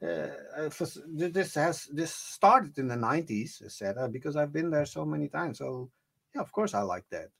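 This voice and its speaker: A man's voice: a little high, big pitch swings, a little fast, creaky, a bit bright. Hesitant Dutch-born man, laughing easily. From Netherlands. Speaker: guest DJ. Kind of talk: casual interview chat.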